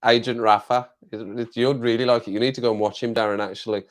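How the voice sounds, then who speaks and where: A man's voice: medium pitch, little pitch movement, a little fast. An English man hosting a casual live chat with viewers from his home desk, jokey and rambling, laughing often, on a clip-on mic. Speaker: livestream host.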